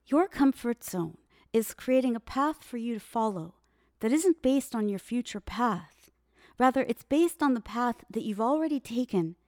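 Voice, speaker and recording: A woman's voice: a little high, expressive, normal speed, a little mellow, no room sound, studio quality. A woman hosting a podcast, telling a story in an earnest, reflective monologue and speaking straight to the listener. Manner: earnest, addresses the listener directly. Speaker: podcast host.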